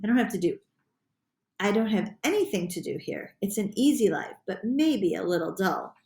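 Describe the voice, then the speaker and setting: A woman with a mid-range voice reads a children's story aloud. Her telling is animated and playful. The room around her rings with echo. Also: mid-range voice, normal speed, creaky. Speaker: audiobook reader. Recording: echoey room.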